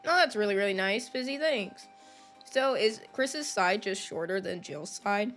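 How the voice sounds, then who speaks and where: A woman's voice: medium pitch, expressive, unhurried, a bit bright. A woman is live-streaming a game and chatting easily with her viewers, laughing often between lines. Her voice is still recovering after she lost it. Faint game music plays under her talk. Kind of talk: casual live-stream chat.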